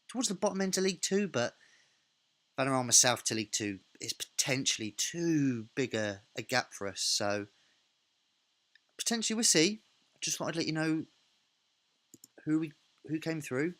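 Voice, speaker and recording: A man's voice: on the high side, a bit bright. A man hosting a let's play, thinking aloud in a casual, self-correcting way while he narrates a football management game.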